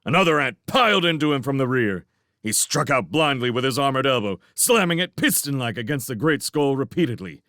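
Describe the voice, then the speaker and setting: Expressive male audiobook reader. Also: medium pitch, no echo, studio quality. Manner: expressive, swinging between tense and hushed. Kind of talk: dramatic fan reading of a novel.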